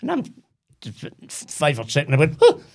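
An older man with a Glaswegian Scottish accent, telling childhood stories as a podcast guest with animated, laughing delivery. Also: on the high side, normal speed, vocal fry. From Glasgow, Scotland. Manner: animated anecdotes with frequent laughter. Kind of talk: casual storytelling.

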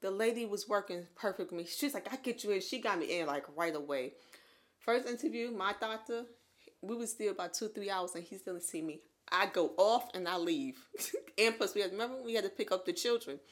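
A woman in her thirties co-hosting a podcast, telling her own story in casual chat, animated and laughing often. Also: mid-range voice, brisk. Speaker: podcast co-host.

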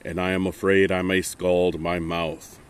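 A man's voice: low-pitched, flat delivery, measured pace, clear, resonant tone. A man voicing a cold, hungry, timid peasant traveller in a storybook reading, speaking politely and pleadingly.

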